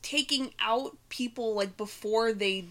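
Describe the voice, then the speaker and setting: A woman's voice: on the high side, a little slow, fairly bright tone. A woman co-hosting a casual podcast, talking through a film with blunt, opinionated remarks and the odd swear. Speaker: podcast co-host. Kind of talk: casual film recap chat.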